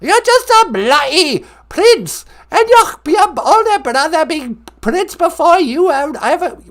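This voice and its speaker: Man doing a shrill, bossy old English royal granny, loud falsetto, all over the place. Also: very animated, a little slow, heavily acted. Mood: scolding. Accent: put-on English. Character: shrill scolding elderly royal grandmother.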